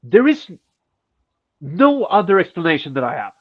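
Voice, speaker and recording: A man's voice: high voice, normal speed, highs cut off. A man co-hosting a podcast in casual chat, ranting and swearing, with a stuffy nose. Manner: profane, ranting, animated. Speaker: podcast co-host.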